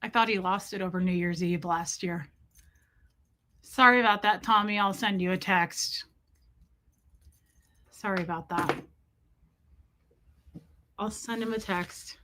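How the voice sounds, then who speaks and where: A woman in her thirties chatting casually as a vlogger, self-mocking and prone to loud dramatic outbursts. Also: medium pitch, unhurried, pauses often, slight background noise. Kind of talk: casual chat.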